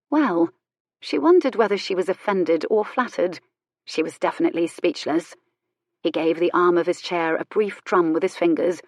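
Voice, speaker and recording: Woman reading a romance novel aloud, expressive, slightly low, very dry close mic. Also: dry recording. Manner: measured, expressive storytelling. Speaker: audiobook narrator. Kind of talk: scripted narration.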